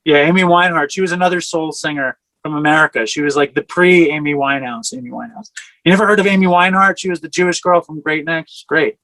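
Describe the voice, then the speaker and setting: A man's voice: on the high side, fast talker, sharp tone, no echo, poor audio. A man in his forties telling a candid personal recovery story over a video call, rambling with fillers and self-corrections. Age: 40s. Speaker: speaker sharing a recovery story.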